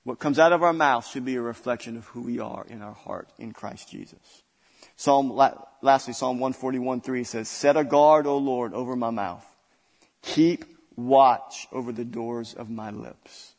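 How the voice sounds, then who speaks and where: A male pastor delivers a sermon, his intensity climbing through repeated phrases. His mid-range voice has a darkish tone and moves a little slowly, trailing a long reverb tail.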